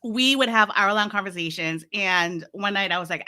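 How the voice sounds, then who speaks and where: A bright, forceful-sounding woman with a Massachusetts accent, talking casually in an interview. She tells her stories with energy, laughing often and slipping into other people's voices. Her tone stays crisp and clear throughout. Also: mid-range voice, normal speed, few pauses. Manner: lively storyteller, laughs often, acts out quotes. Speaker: podcast host and guest.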